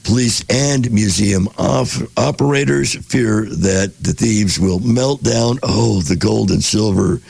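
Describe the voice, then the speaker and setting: A man's voice: on the low side, slow pace, vocal fry, few pauses, a little mellow, slightly rough, no echo. A man hosting a casual podcast, reading passages aloud and breaking off to joke and react. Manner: reads passages then jokes and reacts.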